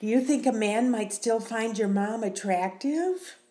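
A woman's voice: fairly high pitch, a little slow, mellow, reverberant, close to an everyday voice. A woman voicing a wistful, sentimental middle-aged widowed mother in an audio role-play, sighing and teasing as she talks.

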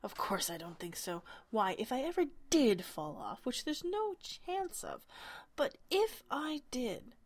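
Female reader doing a huffy, boastful egg-shaped gentleman on a wall, storybook voice. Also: fairly high pitch, huge pitch swings, measured pace, pitched above the performer's own voice, exaggerated voice. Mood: pompous. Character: pompous touchy egg-shaped man on a wall. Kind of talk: storybook reading.

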